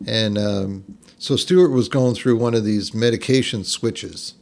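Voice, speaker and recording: A man's voice: lowish voice, measured pace, a little mellow. Older jersey guy rambling through a family story on a podcast, lots of ums and so-anyways. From New Jersey. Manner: rambling, lots of fillers and restarts, laughs at his own story. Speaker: podcast guest. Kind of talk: casual storytelling.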